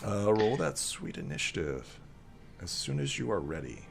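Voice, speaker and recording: Lively, laughing game master, a man. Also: fairly low pitch, normal speed, gravelly, faint music behind. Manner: casual, many fillers, laughs often. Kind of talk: narrating a tabletop game.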